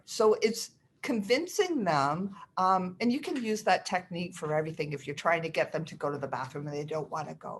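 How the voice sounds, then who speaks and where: A woman's voice: sits low, a little hiss or hum. A middle-aged woman, a nurse, giving reassuring caregiver advice in a webinar and acting out sample lines to family members. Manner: lively, acts out sample dialogues with family members. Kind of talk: educational webinar talk.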